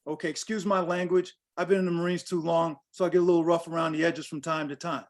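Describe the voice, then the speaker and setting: Older man, high voice, blunt coaching talk, video call. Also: level tone, fast. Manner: blunt, direct, addresses audience with questions. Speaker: guest speaker on pricing.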